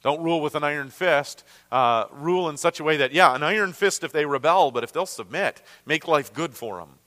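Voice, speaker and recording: A man with a Great Lakes American accent teaching a Bible lesson in an easy, conversational way, often pausing on fillers and restarting his sentences. His voice is bright and carries, and it rings out with a long reverb like a large hall. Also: a little high, animated.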